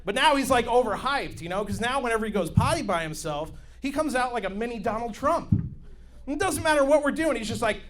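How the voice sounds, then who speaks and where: A man's voice: extremely high pitch, animated, brisk, fairly bright tone. A man hosting a comedy club night, doing stand-up with rowdy, hyped crowd work. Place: comedy club stage with live audience.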